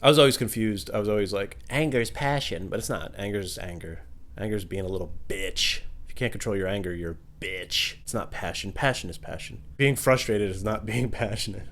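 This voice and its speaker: A man doing stand-up comedy, telling loose stories and breaking into loud acted-out voices. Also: fairly low pitch, a little fast.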